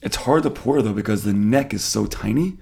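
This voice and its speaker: An easygoing man from the States co-hosts a casual podcast, dropping slang and fillers. His voice sits a bit low. It carries a gravelly fry. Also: a little fast, darkish tone. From United States. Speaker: podcast co-host. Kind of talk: casual chat.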